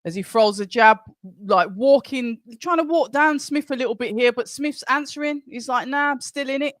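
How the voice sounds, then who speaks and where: Excitable man calling a fight. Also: very high-pitched, no echo, clean studio sound. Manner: excitable, calls punches quickly, chats with the viewers. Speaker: host of a live watch-along. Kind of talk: live fight commentary and chat.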